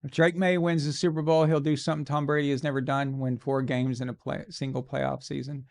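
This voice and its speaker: A man hosting a live stream, reacting to a football game with jokes and excited, casual commentary. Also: mid-range voice, fairly quick, creaky. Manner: joking, excitable, swears casually. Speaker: livestream host.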